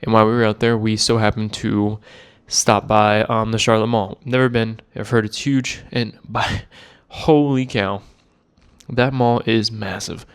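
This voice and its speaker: A man's voice: on the low side, flat delivery, a little slow, clear, resonant tone. A man in his twenties telling a rambling, laid-back story to camera in a casual vlog, with a self-deprecating manner. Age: 20s. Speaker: cigar vlogger.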